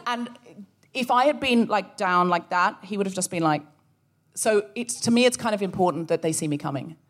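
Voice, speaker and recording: A woman's voice: mid-range voice, moderate pace. A woman telling a story on stage at a live podcast show, acting out the voices in it. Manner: animated, acts out voices in stories.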